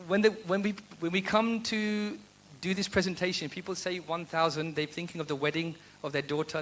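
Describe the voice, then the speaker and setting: A man from the United Kingdom giving a lively lecture to a university audience, energetic and quizzing the listeners. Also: a little high, a little fast, slight background noise. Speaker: guest speaker.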